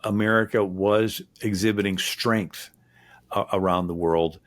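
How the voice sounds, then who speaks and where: A historian guest talking in an interview, rambling with many fillers and restarts. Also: male voice, fairly low pitch, fairly even intonation, measured pace, no echo. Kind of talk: conversational interview.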